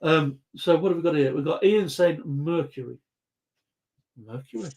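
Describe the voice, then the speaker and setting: A British man with a slightly high, darkish voice hosts a casual live chat quiz at a normal pace. He jokes around and reads viewer comments aloud.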